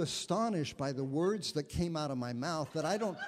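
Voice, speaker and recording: A man preaching as a guest minister, telling a story with gentle humor. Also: fairly high pitch, animated, normal speed, in a large hall. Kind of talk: sermon. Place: congregation sanctuary.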